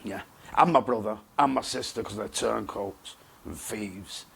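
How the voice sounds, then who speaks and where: A man, talking bluntly and haltingly in a candid interview, often repeating himself. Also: fairly low pitch, gravelly, fairly bright tone, slight background noise. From England. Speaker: interview guest.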